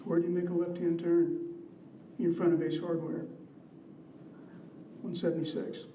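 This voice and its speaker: A man's voice: sits high, dark tone. A man giving public comment at a city meeting, rambling and repeating himself with many fillers. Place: council meeting room. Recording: echoey room, distant mic, faint noise.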